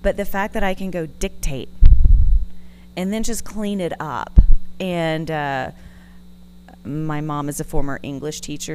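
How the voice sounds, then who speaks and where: A woman's voice: low-pitched, fairly even intonation, normal speed, slight background noise, low-quality recording. A woman in the audience of a conference session, commenting in a friendly, enthusiastic way. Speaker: audience member. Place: conference room.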